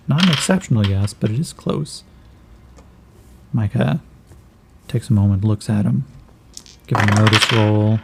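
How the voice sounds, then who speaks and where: A man's voice: fairly low pitch, vocal fry, background noise. A man narrating a solo tabletop role-playing game, thinking aloud and calling out dice rolls in a casual way.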